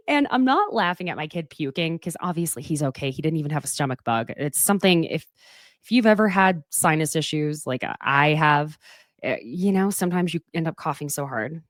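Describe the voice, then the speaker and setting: A woman with a lowish voice hosts a casual podcast recapping a reality show, recorded with studio quality and no room sound. She's animated and gossipy, laughing often and speaking directly to listeners with plenty of asides.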